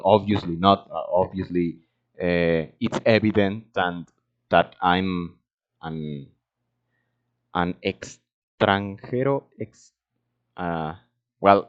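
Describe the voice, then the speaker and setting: A man, a language learner talking casually in English, halting and hesitant as he searches for words. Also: low-pitched, clear, resonant tone. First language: Spanish. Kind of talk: casual monologue practicing English. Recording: dull lo-fi recording.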